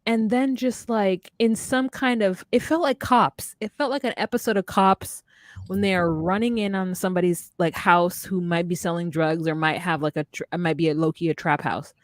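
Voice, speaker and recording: A woman co-hosting a podcast in casual chat, recapping a reality show with sassy, animated storytelling. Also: lowish voice, moderate pace, dry recording. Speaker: podcast co-host.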